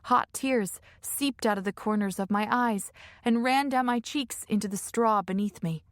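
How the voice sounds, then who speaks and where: A woman reading a first-person fantasy audiobook in a measured, emotive way on a close studio mic. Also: a little high, no echo. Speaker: audiobook narrator.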